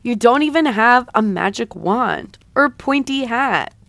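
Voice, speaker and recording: A woman's voice: fairly high pitch, expressive, a little slow, gravelly, a bit bright, no room sound, pitched above the performer's own voice, heavily acted. A woman voicing a skeptical, sulky goth girlfriend in a comic she reads aloud, grumbling and teasing. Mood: disappointed.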